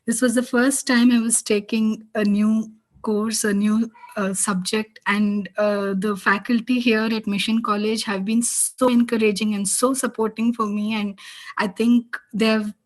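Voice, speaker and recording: Woman from india, kinda high and monotone, thanking everyone at her graduation. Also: measured pace, poor audio. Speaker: graduating student. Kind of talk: graduation speech.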